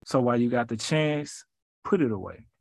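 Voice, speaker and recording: A man's voice: medium pitch, animated, moderate pace, vocal fry, a little mellow, no room sound, clean studio sound. A man preaching informally, driving points home with rhythmic repetition and casual slang.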